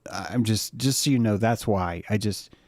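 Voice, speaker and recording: A man's voice: on the low side, moderate pace, darkish tone, no echo. A man hosting a show, giving a rambling comedic monologue in a profane way and breaking into laughter at his own jokes. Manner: rambling, profane, keeps cracking himself up. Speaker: host.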